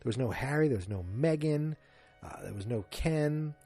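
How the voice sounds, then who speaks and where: Rambling male podcast host, mellow. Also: medium pitch, animated, normal speed, creaky, husky, faint music behind. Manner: rambling, filler-heavy retelling. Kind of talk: casual solo recap podcast. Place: home, alone.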